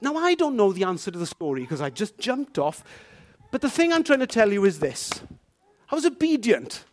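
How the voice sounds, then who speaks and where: A man delivering a storytelling sermon with a notably high, light voice. He swings between hushed, quick asides and loud, emphatic declarations. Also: huge pitch swings. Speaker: preacher.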